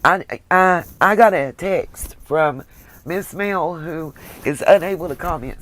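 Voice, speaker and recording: A woman's voice: fairly low pitch, slow. Chatty Southern woman livestreaming. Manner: chatty, emotional, thanks viewers by name. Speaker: livestream host reading viewer comments. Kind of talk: casual chat.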